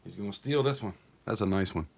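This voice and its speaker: Low-voiced man calling a live auction. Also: expressive, fast, gravelly, darkish tone. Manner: chatty, rambling asides between bid calls. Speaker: live auction stream host.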